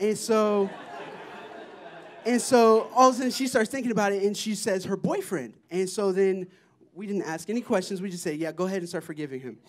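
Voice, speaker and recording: High-voiced man telling excited church testimonies. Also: fairly quick, a faint crowd. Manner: excited, animated, laughing storytelling. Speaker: mission trip member giving testimony. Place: church service.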